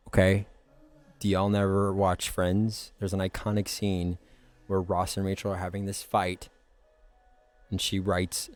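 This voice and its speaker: A man hosting a live stream, joking and riffing with his chat in a playful, goofy way. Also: deep voice. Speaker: livestream host.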